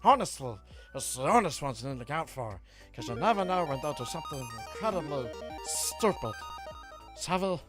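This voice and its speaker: A man's voice: on the high side, very animated, normal speed, music in the background. A man voicing a manic mashup of a swaggering pirate captain and a small alien creature, hyper and slurring.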